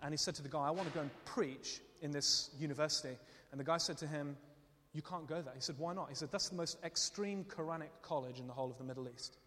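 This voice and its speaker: A man's voice: on the high side, fast, hardly any pauses, sharp tone, a little hiss or hum. A man preaching a sermon, telling stories in a conversational but impassioned way. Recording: long hall reverb.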